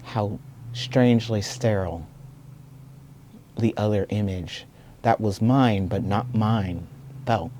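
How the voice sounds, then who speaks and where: A man telling a personal story in a reflective, soft-spoken and earnest way. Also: lowish voice, a little hiss or hum. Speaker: video essayist.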